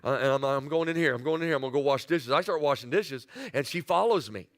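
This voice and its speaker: A man co-preaching with his wife, telling a lively story about their marriage with jokes. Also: mid-range voice, fast talker. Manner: animated storyteller, jokey. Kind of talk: sermon, storytelling.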